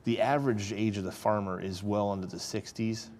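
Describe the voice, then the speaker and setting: Man, farmer, interview guest, halting, deepish voice. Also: fairly even intonation, a little mellow. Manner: earnest, halting, many restarts. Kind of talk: casual interview talk.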